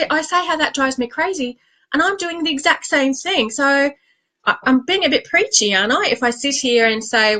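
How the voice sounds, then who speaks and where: A life coach from Queensland, Australia, in her late forties, vlogs to camera with candid, animated, confiding energy, mocking herself as she talks. Her voice sits high, and the audio quality is poor.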